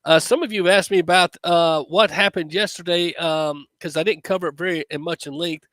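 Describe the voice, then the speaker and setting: A man's voice: fairly high pitch, fairly even intonation, fairly quick, fairly bright tone, no echo. A man giving casual commentary to his viewers, loose and full of fillers.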